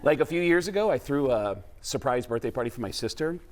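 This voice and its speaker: A comedian and impressionist from the Bronx, New York, tells stories as a guest on a talk show, animatedly jumping into voices and impressions. His voice is mid-range and his pace quick, with soft music playing in the background.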